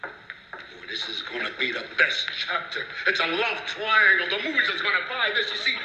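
An actor playing an eager, persuasive man with animated salesman patter in an old sitcom clip. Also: high-pitched, moderate pace, background noise. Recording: old TV clip, roomy, far from mic, music under.

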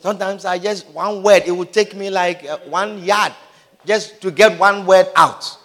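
Male preacher, high lively delivery, repeats lines, asks the room if they understand; long hall reverb. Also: unhurried. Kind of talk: sermon.

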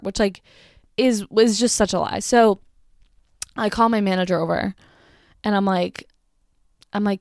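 A young woman tells a retail storytime in an exasperated rant, peppered with "like" and casual swearing. Her voice sits at an ordinary middle pitch, recorded close and dry with no room around it. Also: steady tone, moderate pace, pauses often, a little mellow, dry recording. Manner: exasperated, swears, lots of "like" fillers. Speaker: retail cashier telling a story.

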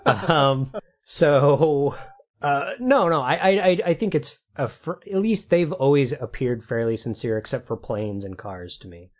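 A man co-hosting a podcast, chatting casually in a wry, halting way with lots of fillers. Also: mid-range voice, animated. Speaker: podcast co-host. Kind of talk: casual chat.

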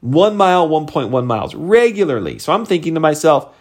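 A middle-aged sales team leader and coach motivates his team with a brisk, lively, conversational talk. For emphasis, his voice leaps up in pitch.

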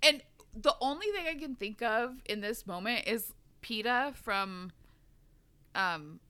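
Woman, bright voice, slightly high, giggly, dramatic book recap chat. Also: expressive, slow, smooth. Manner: laughs often, reads quotes dramatically. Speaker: book podcast host.

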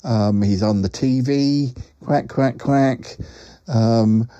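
A man's voice: medium pitch, takes it slowly, warm tone, no echo, lo-fi sound, close to an everyday voice. A man playing a rambling quacking duck. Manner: rambling, full of ums, quacks between phrases. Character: rambling male talking duck on travels. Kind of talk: comic voice message.

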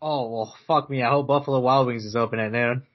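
Husky joking man, lo-fi sound. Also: medium pitch, steady tone, brisk. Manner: joking, swears often, playful teasing. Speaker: podcast co-host. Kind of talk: casual chat about boxing.

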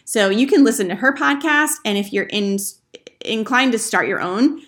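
A woman's voice: medium pitch, fairly bright tone. A woman hosting her own podcast, telling a personal story in an earnest, chatty way. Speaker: podcast host. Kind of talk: casual solo podcast monologue.

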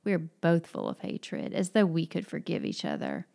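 Bitter proud young woman rival, read by a woman in a plain, slightly low voice. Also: huge pitch swings, moderate pace, gravelly, warm tone, heavily acted. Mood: venomous.

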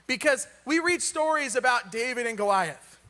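Casual joking preacher, male, high voice, reverberant church hall. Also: animated, moderate pace, sharp tone. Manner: casual, joking retelling with rhetorical questions. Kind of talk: sermon.

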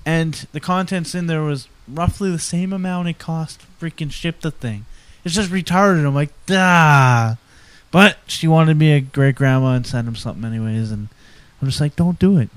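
A man's voice: on the high side, steady tone, fairly quick, smooth, dry recording. A middle-aged man co-hosting a podcast, crude and joking, rambling through stories in casual banter. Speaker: podcast co-host.

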